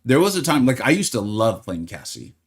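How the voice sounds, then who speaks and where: A man's voice: mid-range voice, very animated, brisk. Upbeat man streaming a game live. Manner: upbeat, greets chat by name, chatty. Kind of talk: live stream chat with viewers.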